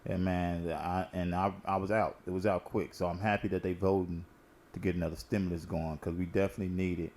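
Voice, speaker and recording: A man's voice: deep voice, flat delivery, brisk, darkish tone. A man hosting a casual current-events talk, telling stories in a laid-back, slangy and profane way while smoking. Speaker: host.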